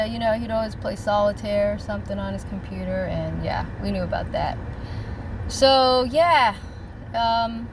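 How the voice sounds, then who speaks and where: A woman vlogging casually about her faith, rambling and heartfelt, speaking straight to her viewers from a parked car outdoors. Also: mid-range voice. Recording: outdoor traffic noise. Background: car and street noise.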